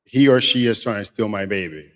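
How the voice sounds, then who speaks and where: A podcast co-host in his thirties tells a personal story in casual conversation, talking a little fast in a lowish voice. He's emphatic and animated, repeating phrases for effect.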